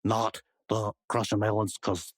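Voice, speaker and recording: A man's voice: on the low side, little pitch movement, measured pace, no echo, studio quality. A man co-hosting a comedy podcast, rambling through an improvised bit full of slang and bravado. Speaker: podcast co-host.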